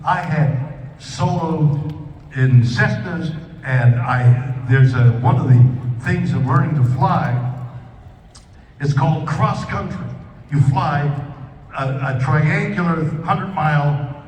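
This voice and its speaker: A man's voice: on the high side, slow pace, pauses often, darkish tone, a little hiss or hum. A man on stage at a convention, telling a rambling, self-mocking anecdote with many restarts. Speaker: convention guest speaker. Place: large convention hall. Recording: echoey hall, mic picked up from a distance.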